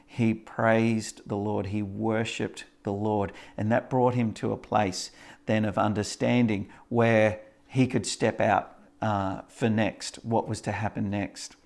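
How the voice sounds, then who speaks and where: A man's voice: lowish voice, level tone, slow, vocal fry, a little mellow. A male pastor preaching a sermon, retelling a story with lots of fillers. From Australia.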